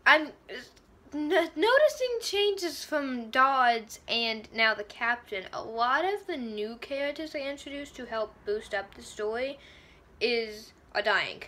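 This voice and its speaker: A woman reviewing a TV episode in a casual fan vlog, gushing and excitable, often laughing mid-sentence. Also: a little high, takes it slowly.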